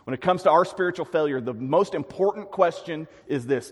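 A man preaching a sermon, earnest and dynamic, with emphatic swells and quiet drops. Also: on the high side, animated, brisk, slightly rough. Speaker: pastor. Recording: long hall reverb.

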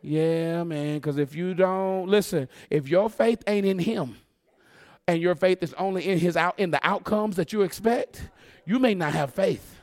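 A man preaching a fervent sermon, calling out to the congregation and rising into shouts. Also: high-pitched, unhurried.

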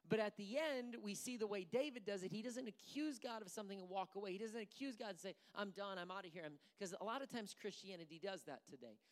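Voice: mid-range voice, expressive, fast, hardly any pauses. Pastor preaching in a reverberant church. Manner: impassioned preaching, moving from hushed to forceful. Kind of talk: sermon. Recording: long reverb of a large room.

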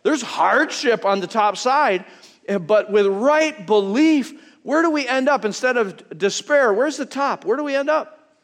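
Middle-aged male pastor, casual storytelling sermon delivery, high-pitched for a man, long reverb. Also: expressive, measured pace. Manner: conversational storytelling, swings between quiet asides and loud emphasis.

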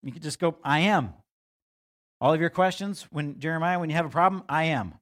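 Middle-aged male pastor, slightly high voice, casual sermon with lively quoted asides. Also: fairly quick. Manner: conversational preaching, acts out God's voice with rising pitch.

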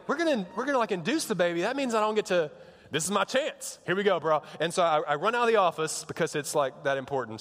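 A man's voice: a little high, fairly bright tone. A young man preaching to students, telling a rambling, joking story full of restarts. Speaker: youth pastor. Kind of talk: sermon to students. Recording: long hall reverb.

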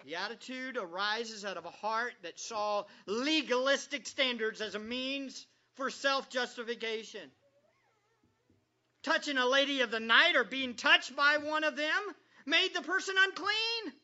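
High, bright-voiced preacher man. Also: dull audio. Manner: conversational, joking, quizzes the congregation. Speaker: pastor. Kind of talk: sermon.

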